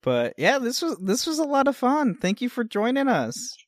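Here is a lively podcast co-host chatting casually and laughing a lot. The voice sits at a middle pitch, and the recording is close and dry with no room sound. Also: moderate pace, no echo. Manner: animated, laughs often. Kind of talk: casual chat. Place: United States.

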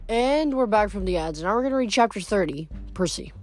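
A woman's voice: mid-range voice, expressive, darkish tone, faint music behind. A woman reading a novel aloud, adding chatty, musing comments between chapters. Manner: chatty, musing, halting asides. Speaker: reader. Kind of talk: casual book reading with commentary.

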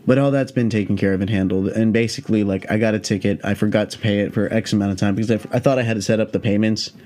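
A man's voice: on the low side, fairly even intonation, racing, darkish tone. A young man hosting a podcast, telling a rambling story in a casual, profane, laid-back way. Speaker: podcast host.

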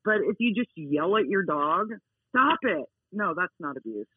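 A woman who is not soft-spoken, talking emphatically in a casual interview and repeating her key words. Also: fairly low pitch, expressive, moderate pace, breathy edge, no room sound. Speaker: dog owner interviewed as a guest. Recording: tinny phone line.

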